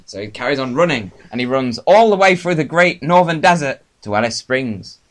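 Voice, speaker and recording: A man's voice: mid-range voice, expressive, fairly quick. A young man co-hosting a comedy podcast, improvising an absurd story and laughing often. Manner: laughs often, slips into silly quoted voices. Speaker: podcast co-host.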